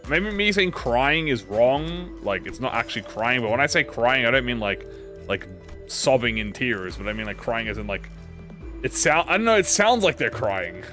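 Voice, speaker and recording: Male game streamer, casual chat, animated pitch, swears, stammers and restarts, faint music behind. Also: moderate pace. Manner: rambling, profane, with stammered restarts.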